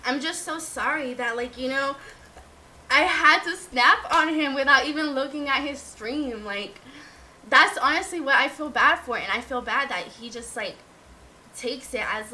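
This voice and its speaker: A woman talks defensively about her side of things, with "like" in nearly every phrase. Her voice is bright and fairly high. A faint hum of room ambience sits behind her. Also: normal speed. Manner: defensive, filler-heavy, says "like" constantly. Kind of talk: explaining herself on video.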